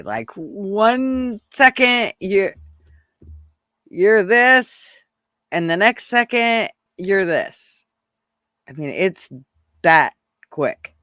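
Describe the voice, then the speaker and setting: A woman hosting a casual livestream, chatting excitedly and laughing often as she reads viewers' comments. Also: medium pitch, no room sound, clean studio sound. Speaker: channel host reading live chat.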